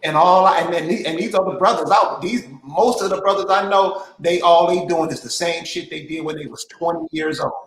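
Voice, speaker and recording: A man's voice: on the high side, a little fast, few pauses, fairly bright tone, a little hiss or hum. Man host in an echoey room. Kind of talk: casual interview talk.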